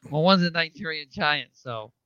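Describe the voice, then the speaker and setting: A man co-hosting a casual wrestling recap chat, cutting in with quick jokes and laughs. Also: a little high, expressive, pushed and bright, smooth, no room sound, lo-fi sound. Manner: quick interjections, laughs often, teasing. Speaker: podcast co-host.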